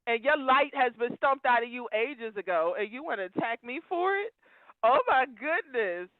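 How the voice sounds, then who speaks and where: A woman's voice: fairly high pitch, animated, normal speed, no room sound. A woman calling in to a live show, preaching emphatically and lecturing listeners directly. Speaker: call-in caller. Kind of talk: live call-in rant. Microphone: phone. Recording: tinny dry phone line.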